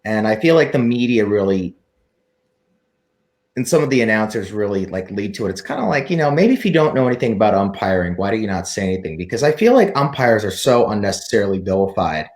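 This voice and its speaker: Low-voiced man asking long questions. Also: very animated, quick pace, a little mellow. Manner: opinionated, speaks in long run-on questions. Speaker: podcast host, interviewer. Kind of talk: casual interview.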